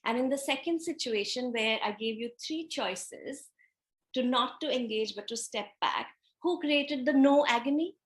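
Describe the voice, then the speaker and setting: A woman's voice: high voice, normal speed. A woman giving a reflective spiritual teaching talk, asking rhetorical questions, answering them herself, and acting out everyday scenarios.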